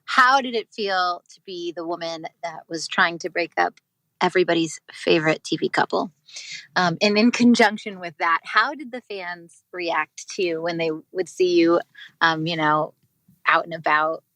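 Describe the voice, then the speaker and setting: Brief: woman fan caller, bright tone, earnest and hesitant, dry recording. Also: on the low side, normal speed, dry recording. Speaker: voicemail caller.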